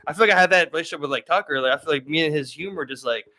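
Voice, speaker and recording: A man with a Baltimore accent rattles through casual podcast talk, full of "like"s. His voice is bright and a little high, and he talks fast. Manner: rambling, filler-heavy, many "like"s. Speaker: podcast co-host.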